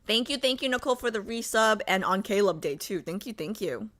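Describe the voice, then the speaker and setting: A woman's voice: mid-range voice, animated, a little fast, a bit bright. A young woman hosting a livestream, chatting casually with viewers in a rambling, filler-heavy way. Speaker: livestream host. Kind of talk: casual chat with live viewers.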